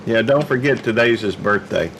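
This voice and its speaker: Middle-aged man, low gravelly voice, hesitant casual chat, faint noise. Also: normal speed. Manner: hesitant, many fillers and restarts. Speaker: livestream co-host.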